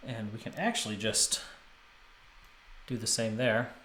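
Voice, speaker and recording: Casual male streamer, slow unhurried delivery, roomy sound with instrument playback behind. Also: lowish voice, sharp tone, slight background noise. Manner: thinking aloud with frequent restarts, chatting to viewers. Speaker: streamer arranging music. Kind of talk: casual live-stream commentary. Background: musical instrument playback.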